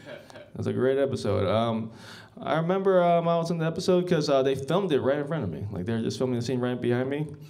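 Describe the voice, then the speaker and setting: A man's voice: mid-range voice, lively intonation, quick pace, gravelly, darkish tone. A man doing a stand-up comedy set as emcee, rambling and self-mocking, chuckling at his own jokes.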